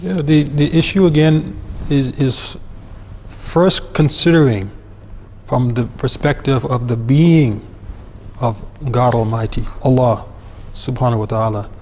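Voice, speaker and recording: A man's voice: mid-range voice, measured pace. A man speaking as a guest on a panel, explaining religious ideas earnestly and with emphasis. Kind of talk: religious discussion. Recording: dull sound with long reverb.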